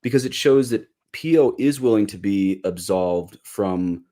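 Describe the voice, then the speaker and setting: Animated man with a low voice. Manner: animated, quick asides, mock quoting. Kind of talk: casual chat.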